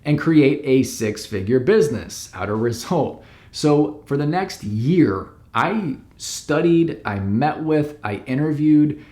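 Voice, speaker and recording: A man who works as a business coach speaks to camera in a mid-range, darkish voice, with a reverberant recording. His instructional talk offers direct, emphatic, step-by-step advice.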